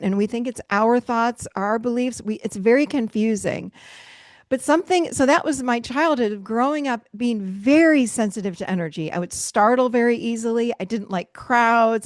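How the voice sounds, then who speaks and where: A middle-aged woman talks to a workshop over a video call, her voice a little higher than most. She tells stories animatedly, acting out what people said and laughing often. The sound is dry, with no room in it. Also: dry recording. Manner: animated storytelling, acts out quotes with laughs. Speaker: speaker leading a virtual workshop. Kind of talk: casual talk to a group. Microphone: video call mic.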